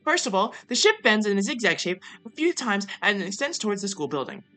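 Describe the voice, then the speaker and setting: A woman's voice: medium pitch, big pitch swings, brisk, bright, forceful tone, faint music behind. A woman reading game dialogue aloud as characters while chewing food, the words mumbled. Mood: deadpan. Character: game characters read with a mouth full of banana.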